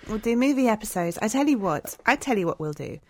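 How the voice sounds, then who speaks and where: A woman's voice: medium pitch, expressive, quick pace, dry recording. A woman co-hosting a podcast, chatting in an upbeat, earnest way. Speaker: podcast co-host. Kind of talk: casual chat.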